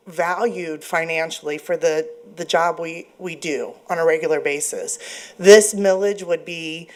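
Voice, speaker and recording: A middle-aged woman from Florida speaks at a public meeting, pleading earnestly and sounding close to tears. Her voice sits fairly low for a woman. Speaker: teacher giving public comment.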